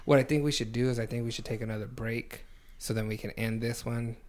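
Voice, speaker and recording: A man's voice: mid-range voice, fairly even intonation, fast, darkish tone. Young male podcast co-host, casual, rambling anecdotes, plenty of fillers. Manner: rambling storyteller, lots of fillers and restarts. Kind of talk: casual chat.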